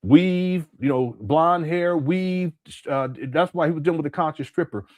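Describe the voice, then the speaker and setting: A man from Southern California with a fairly high voice hosts a reaction commentary. He talks candidly and with animation, often restarting his sentences, in a dry, close recording. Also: no room sound. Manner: candid and animated, with frequent restarts and quick asides. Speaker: commentator and channel host.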